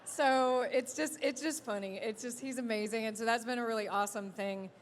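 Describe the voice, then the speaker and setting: A female actress chatting as a guest in an interview, lively and joking. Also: a little high, brisk, slight background noise. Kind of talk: casual interview chat. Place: convention event hall. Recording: reverberant hall with faint crowd ambience.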